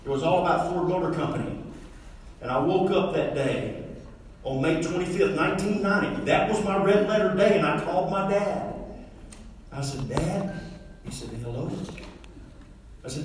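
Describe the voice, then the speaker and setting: Motivational speaker, middle-aged man, folksy storyteller, slightly high voice, roomy hall sound from a distance. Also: moderate pace, pauses often, slight background noise. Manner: folksy storytelling, acting out dialogue with his father. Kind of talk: motivational speech to a live audience. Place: large hall with an audience. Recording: echoey hall, mic far off.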